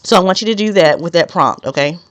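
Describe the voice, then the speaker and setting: A woman's voice: on the low side, quick pace, no room sound. A woman hosting a solo podcast as a business consultant, chatty and direct, with laughing asides. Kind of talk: casual solo podcast teaching.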